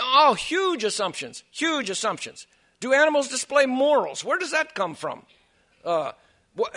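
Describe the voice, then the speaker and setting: A man's voice: high-pitched, fairly bright tone. A man giving an emphatic creationist lecture to a church audience, firing off rhetorical questions with joking asides. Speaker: creationist speaker.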